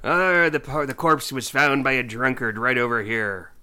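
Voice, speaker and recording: A man doing an impression of a drunken old film star, pompous and slurring, with slow, drawn-out speech. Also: mid-range voice, fairly even intonation, pushed and bright, smooth. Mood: pompous tipsy. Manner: slow, grand, drawn-out delivery.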